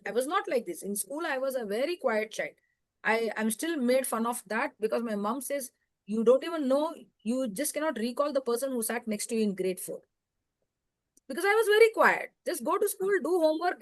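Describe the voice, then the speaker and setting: A middle-aged woman speaking as a podcast guest, giving earnest advice in measured phrases with pauses. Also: on the high side, dry recording. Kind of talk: reflective interview answers.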